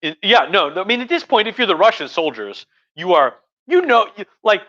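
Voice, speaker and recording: A tipsy man hosts a livestream and tells history in a rambling, cussing, animated style. His voice is bright and forceful and sits a little high for a man. The sound is dull and lo-fi. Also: fast talker, few pauses, no room sound. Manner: rambling, profane, animated storytelling. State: tipsy from wine. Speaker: host. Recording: lo-fi livestream audio.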